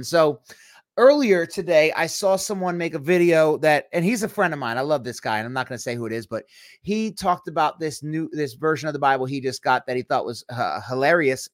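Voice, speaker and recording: A man hosting a Christian livestream show, talking in a chatty, rambling way with quick asides. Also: fairly high pitch, no echo, studio quality. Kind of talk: casual livestream chat.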